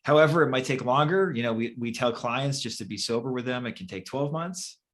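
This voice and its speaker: A man's voice: mid-range voice, brisk, a bit bright. Blunt man coaching, casual swearing. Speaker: co-host and manifestation coach. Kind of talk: casual podcast chat.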